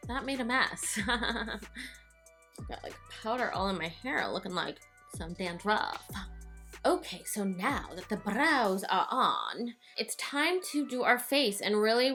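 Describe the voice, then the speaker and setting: A woman's voice: medium pitch, slow pace, sharp tone, soft background music. A young woman hosting a casual makeup tutorial, playful and jokey. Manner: playful, jokey, slips into silly voices. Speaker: makeup vlogger.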